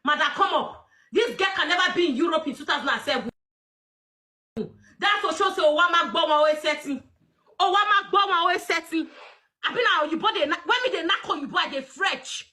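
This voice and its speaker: A woman with a Nigerian Pidgin accent hosting a casual livestream, loud and mocking, often laughing and shouting. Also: extremely high pitch, fairly quick. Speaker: livestream host.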